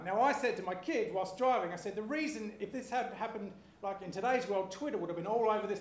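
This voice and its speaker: A man in his forties telling a rambling, self-deprecating story as a panellist, apologizing as he goes. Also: high voice. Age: 40s. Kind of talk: rambling comedic anecdote. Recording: echoey room with faint hiss.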